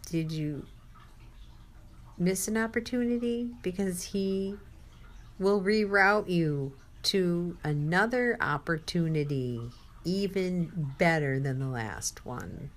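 A woman's voice: lowish voice, lively intonation, slow. A woman giving a sermon-style testimony, telling a personal story with quoted dialogue and speaking to the listener.

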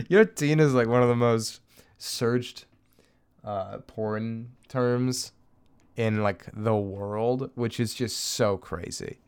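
A man's voice: medium pitch, slow, clean tone. A young man rambling through a crude comedic rant on his own, chuckling and swearing as he goes. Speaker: podcaster. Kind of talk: casual solo comedic rant.

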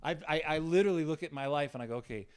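Animated storytelling preacher, a man. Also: fairly high pitch, very fast, clean tone. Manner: animated, laughing, frequent "right?" tag questions. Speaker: pastor. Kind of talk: informal sermon with storytelling. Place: small room in a church setting.

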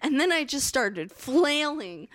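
A woman's voice: big pitch swings, takes it slowly, a bit bright. A young woman co-hosting a podcast, telling a story in casual talk, swearing often and acting out quotes. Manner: swears often, acts out quotes in a high panicked voice. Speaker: podcast co-host.

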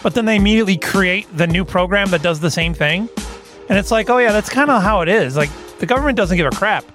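A man co-hosting a comedy podcast, chatting casually in an animated, joking way. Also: sits high, soft background music. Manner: animated, joking, quick to laugh. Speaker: podcast co-host.

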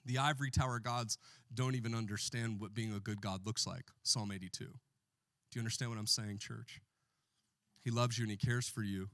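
A man's voice: on the low side, fairly even intonation, moderate pace, a bit bright, no room sound, clean studio sound. A man preaching a sermon as pastor in a church, joking with the congregation and calling for responses.

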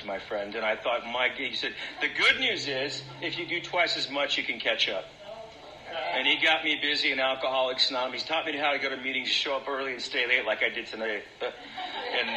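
Middle-aged male speaker, wry candid storyteller, bright edge, echoey hall recording. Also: mid-range voice. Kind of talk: recovery meeting talk. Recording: echoey room with faint background noise.

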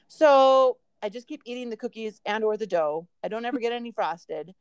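A podcast co-host with a somewhat high, very lively voice, recorded close and dry. She rambles through her stories with lots of "like" and "I'm all". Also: normal speed, hardly any pauses, clean tone, no room sound. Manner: rambling, animated storytelling. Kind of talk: casual podcast chat.

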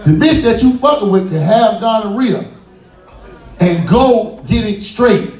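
A man doing a stand-up comedy set on a cafe stage, loud and profane, acting out characters as he goes. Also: high-pitched, animated, a little slow. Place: music cafe stage with live audience. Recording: roomy, distant live club recording.

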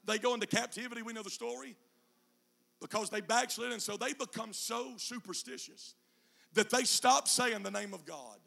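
High gravelly preacher guy, whoops and chants "uh" between lines, bright sharp tone. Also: normal speed. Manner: drops to a low, quiet teaching voice between climaxes. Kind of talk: sermon.

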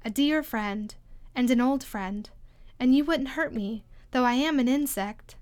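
A woman reading aloud and voicing a tiny, wistful male gnat who speaks softly and coaxingly. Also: high voice, unhurried, clean tone. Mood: tender.

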